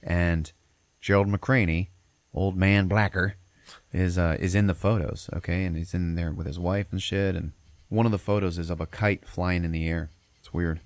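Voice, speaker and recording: Deep voiced guy on a podcast, cussing a lot while he retells a movie, dry close sound. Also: fairly even intonation, moderate pace, no echo. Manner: profane, rambling storyteller. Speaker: podcast host. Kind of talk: casual movie recap.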